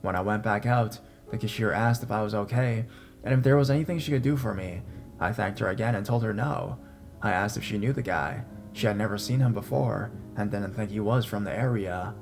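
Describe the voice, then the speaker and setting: A young man reads a scary story aloud in a measured, tense storytelling voice. His voice is low, and faint plucked guitar music plays quietly behind him. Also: creaky. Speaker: horror story narrator. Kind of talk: scripted horror story narration.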